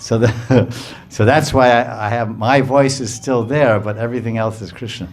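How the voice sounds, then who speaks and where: A man giving a religious lecture, telling a sacred story in a lively way, acting out the characters and checking in with his listeners. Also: mid-range voice, moderate pace, slight background noise. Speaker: spiritual teacher.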